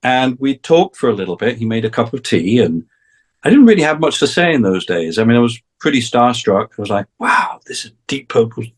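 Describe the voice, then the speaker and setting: A middle-pitched English man in his sixties rambles through stories about his career, doubling back and restarting sentences as he goes. Now and then he acts out other people's lines in a voice pitched higher than his own. He sounds like a guest speaking over a video call. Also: very animated, fairly quick. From England. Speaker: guest, session drummer. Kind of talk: casual storytelling interview.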